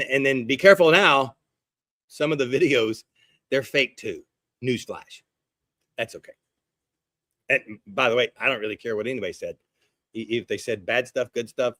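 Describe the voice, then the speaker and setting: A middle-aged pastor preaching a sermon, animated and conversational, slipping into quoted voices with gasps and hushed asides. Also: male voice, mid-range voice, no room sound, studio quality.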